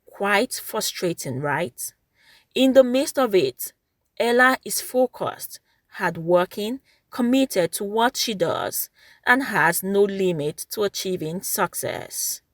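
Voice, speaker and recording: Measured woman narrating. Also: medium pitch, expressive, dry recording, clean studio sound. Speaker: program narrator. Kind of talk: scripted documentary narration.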